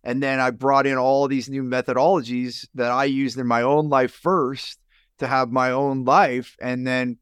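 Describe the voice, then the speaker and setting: Middle-aged man, podcast guest, business coach, animated storytelling, mid pitch, dry close recording. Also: unhurried, smooth, dry recording. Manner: animated storyteller, rises sharply in pitch when acting out quoted people. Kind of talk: personal storytelling in an interview.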